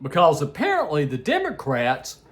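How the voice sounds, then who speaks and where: A man giving a heated, blunt political rant for his video blog, crude and laughing at his own jabs, shouting one moment and muttering the next. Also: huge pitch swings, normal speed. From United States. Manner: heated, swinging between shouts and low asides. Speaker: political vlogger. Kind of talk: ranting opinion vlog.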